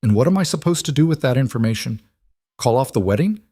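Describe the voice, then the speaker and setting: A man's voice: mid-range voice, animated, quick pace, dark tone, no echo, studio quality, voice pushed up, close to an everyday voice. A man voicing a cornered young bride who pleads and argues with rising desperation. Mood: distraught.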